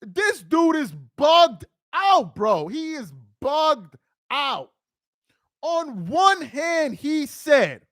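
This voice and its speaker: Ranting reaction host, incredulous and loud, high lively voice, dry sound. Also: male voice, slow, no room sound. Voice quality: exasperated, incredulous, loud outbursts. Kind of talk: ranting commentary over a played clip.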